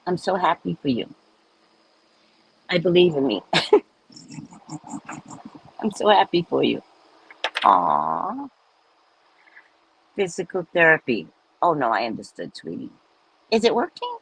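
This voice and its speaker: A woman's voice: sits low, big pitch swings, slow, gravelly, long pauses, a bit bright, a little hiss or hum, rough recording. Middle-aged woman host, bouncy swooping delivery, chatty, reads the chat aloud. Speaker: livestream host reading viewer comments. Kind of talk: casual chat.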